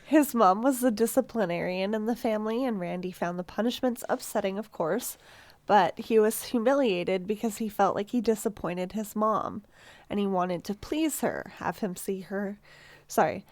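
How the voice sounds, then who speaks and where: A woman's voice: medium pitch, no room sound. A woman co-hosting a true-crime podcast, narrating in a casual, chatty way with asides and laughs. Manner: chatty, reads quotes aloud, laughs, swears casually. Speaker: podcast co-host.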